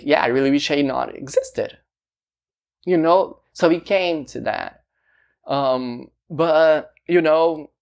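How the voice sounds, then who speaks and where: Slow, gravelly man speaking haltingly. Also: mid-range voice. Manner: halting, searching for words, often asking "you know?". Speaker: singer talking about his debut album. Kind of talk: personal talk to camera.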